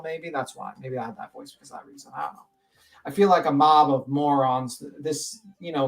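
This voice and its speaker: Blunt, profane livestream host. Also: male voice, fairly high pitch. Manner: blunt, profane, indignant asides. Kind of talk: livestream commentary reading a document aloud.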